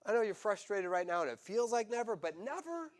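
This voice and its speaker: A man pastor preaching a sermon, animated and conversational, acting out quoted voices with humor. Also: high-pitched, fast, clear, resonant tone.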